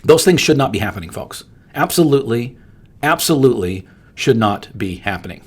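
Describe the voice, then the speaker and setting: A man's voice: mid-range voice, expressive, brisk, husky. A man hosting a solo podcast, talking earnestly and emphatically, often repeating words for stress. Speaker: podcast host and appraiser coach.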